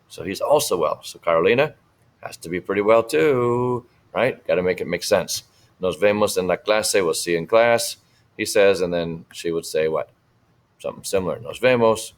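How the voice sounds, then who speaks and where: A man teaching a Spanish class, walking students through online activities step by step and checking in with "right?" as he goes. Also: deep voice. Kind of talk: screen-share lesson walkthrough.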